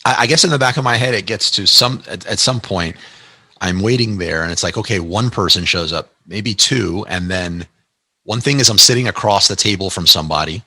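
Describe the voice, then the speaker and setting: A man with a very low, husky voice hosts a podcast interview. He asks curious questions and thinks aloud. His tone is bright, and the sound is dry and close. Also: a little fast, dry recording. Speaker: podcast host.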